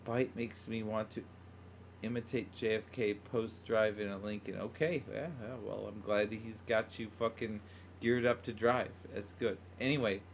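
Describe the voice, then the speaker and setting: A man's voice: on the low side, fairly even intonation, normal speed, a little hiss or hum. A man hosting a podcast, teasing his co-host and swearing freely as he chats and reads out news stories. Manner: profane, teasing. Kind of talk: casual banter.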